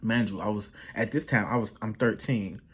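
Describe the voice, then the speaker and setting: This young man's voice is husky and fairly low, moving at a moderate pace. He's a vlogger casually telling a personal story, rambling with slang and restarts, and he quotes his family members in their own voices.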